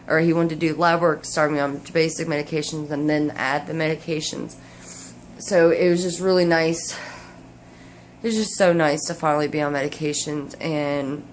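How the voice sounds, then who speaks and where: A woman's voice: deep voice, a little hiss or hum. A tired woman, chatting casually in a vlog update, rambling with many restarts. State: tired, drowsy from medication. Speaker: vlogger. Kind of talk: casual personal update to camera.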